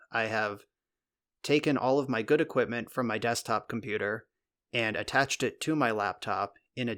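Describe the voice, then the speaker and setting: A man co-hosts a podcast from a home recording room, chatting casually and rambling with lots of fillers and the occasional swear word. His voice is fairly low in pitch with a fairly bright tone.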